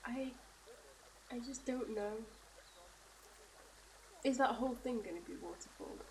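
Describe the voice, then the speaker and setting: A woman's voice: fairly high pitch, a little slow, distant mic. Teasing young British woman. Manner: teasing, offhand. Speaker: streamer's roommate. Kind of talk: casual chat.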